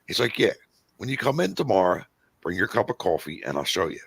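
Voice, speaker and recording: Gravelly, husky man in his fifties. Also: sits low, very animated, a little fast, fairly bright tone, dry recording. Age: 50s. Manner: blunt storyteller, swears, acts out quotes. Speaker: podcast co-host. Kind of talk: casual pub-style chat.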